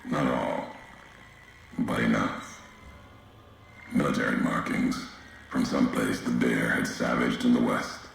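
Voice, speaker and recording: An actor playing a grim, brooding male wanderer in a video game, speaking in slow, solemn fragments with a deep gravelly voice. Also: steady tone, a bit bright, very echoey, a little hiss or hum, heavily acted.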